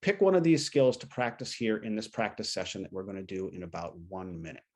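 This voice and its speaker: A man's voice: deep voice, fairly quick, darkish tone. A man coaching agents in a training session on listening, conversational, acting out what clients might say. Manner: conversational, acts out client quotes.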